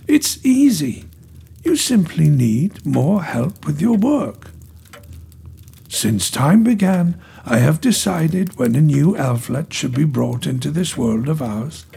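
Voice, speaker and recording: A man voicing a gentle, wise ancient female nature spirit, speaking softly and slowly. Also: fairly high pitch, expressive, gravelly, slightly rough, heavily acted. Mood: reassuring. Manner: soft, slow, soothing.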